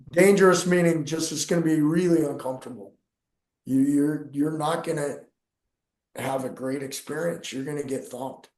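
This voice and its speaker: A middle-aged man with a fairly high voice tells a gym story in an easy, chatty way, slipping into the voices of the people in it. He sounds like he is in an echoey room. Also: moderate pace. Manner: animated, acts out dialogue in his stories. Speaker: jiu-jitsu coach and podcast co-host. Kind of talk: casual storytelling.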